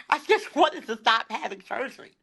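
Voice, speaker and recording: A woman in her forties, a life coach, talking openly and with deep faith, emphatic and heartfelt, at times holding back tears. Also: very animated, unhurried, creaky, fairly bright tone, breathy edge. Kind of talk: candid faith-filled interview talk.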